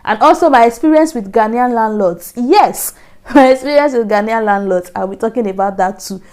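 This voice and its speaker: A woman's voice: fairly high pitch, moderate pace, a little mellow. A young woman telling a personal story to camera in a chatty, repetitive way. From Nigeria. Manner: chatty, repetitive, laughing asides. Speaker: vlogger.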